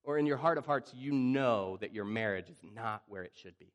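A middle-aged man preaching a sermon as pastor, animated and conversational, often acting out panicked voices and restarting his phrases. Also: medium pitch, brisk.

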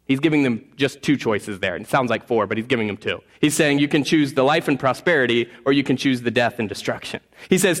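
A man preaching a sermon as pastor, earnest, moving between quiet asides and raised appeals. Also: medium pitch, lively intonation, brisk, big-room sound.

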